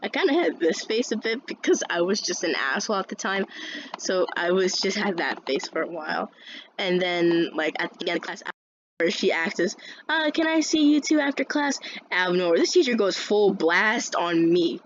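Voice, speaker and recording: Through dull, lo-fi audio with a bit of faint noise, a woman vlogger rants her way through a story at a moderate pace. Her voice is on the low side, and she rambles, swears heavily and keeps starting over.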